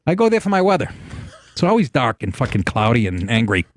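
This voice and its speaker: A man's voice: mid-range voice, sing-song, quick pace. A man hosting a call-in radio show, blunt and crude, laughing often between jokes.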